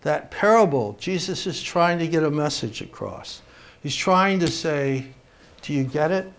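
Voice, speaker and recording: Pastor with a fairly high voice. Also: male voice, lively intonation, fairly bright tone. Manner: reads scripture aloud with rising emphasis, asides to the congregation; pauses and restarts mid-sentence. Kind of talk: sermon.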